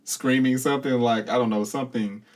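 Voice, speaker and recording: A man's voice: mid-range voice, fairly even intonation, brisk, distant mic. A man co-hosting a podcast, retelling family stories casually and laughing often. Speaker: podcast co-host. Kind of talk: casual chat.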